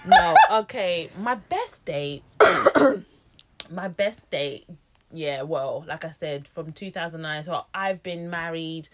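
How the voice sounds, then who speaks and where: A woman's voice: deep voice, lively intonation, slow pace, a crowd in the background. Woman in her thirties, chatty and reactive. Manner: reactive, exclaiming, joking along. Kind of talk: casual chat.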